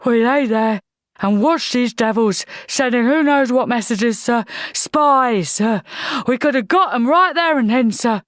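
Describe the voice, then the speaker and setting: A woman's voice: fairly high pitch, moderate pace, no room sound, clean studio sound, pitched above the performer's own voice, close to an everyday voice. A woman voicing a huge, hot-tempered male army sergeant who bellows and fumes. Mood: angry protest. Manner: bellowing, furious.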